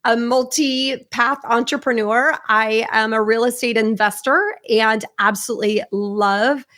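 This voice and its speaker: A woman's voice: a little high, fairly even intonation, unhurried, fairly bright tone. An American woman speaking as a guest on a podcast, enthusiastic and effusive. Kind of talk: podcast interview.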